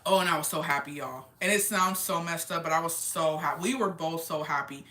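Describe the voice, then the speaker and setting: A young woman casually and candidly retelling a family story, animated, with lots of "like" and quoted dialogue. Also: deep voice, a little fast. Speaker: storyteller on a chat show. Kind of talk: casual chat.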